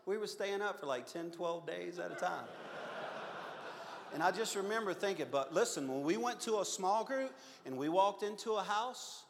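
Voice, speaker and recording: A man in his fifties, a pastor telling a personal story in a sermon, earnest and confessional, swinging from loud to hushed. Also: high-pitched, lively intonation, normal speed, vocal fry, a little hiss or hum. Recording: long hall reverb.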